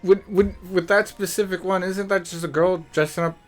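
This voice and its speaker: A young man co-hosting a casual podcast, teasing his friend and reacting quickly. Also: high-pitched, steady tone, soft background music. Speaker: podcast co-host.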